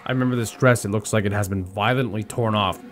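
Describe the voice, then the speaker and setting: A young man giving excitable, swearing let's-play commentary while playing a horror game. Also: fairly low pitch, fast. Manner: hyper, swearing, joking, talking to the game. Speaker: gaming video host.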